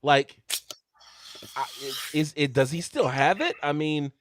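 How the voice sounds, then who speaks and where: A man's voice: fairly high pitch, unhurried, fairly bright tone. A man co-hosting a combat sports podcast, recapping fight results and asking questions in a casual way. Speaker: podcast co-host.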